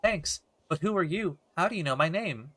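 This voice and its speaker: A man's voice: a little high, expressive, normal speed, a bit bright, slight background noise, voice pushed up. A man reading an earnest young boy hero.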